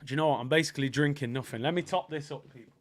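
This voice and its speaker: A man's voice: medium pitch, racing, a little hiss or hum. Chatty male watchalong host. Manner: chatty banter with slang. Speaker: livestream host. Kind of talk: casual watchalong commentary.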